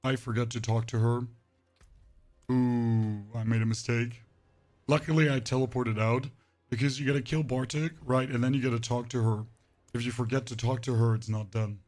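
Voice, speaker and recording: A man streaming a game live and chatting to his viewers while playing, his voice pushed deeper and hoarse, with little emphasis. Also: level tone, moderate pace, darkish tone, soft background music. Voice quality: voice pushed deeper than usual, less emphasis. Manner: chatty, rambling, talks to chat while playing. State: voice sounds off, hoarse. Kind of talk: live gameplay commentary to chat.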